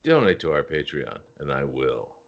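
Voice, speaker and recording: A man co-hosting a podcast in casual chat, teasing the others in lively banter. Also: a bass voice, normal speed, gravelly. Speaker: podcast co-host. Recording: muffled lo-fi podcast audio.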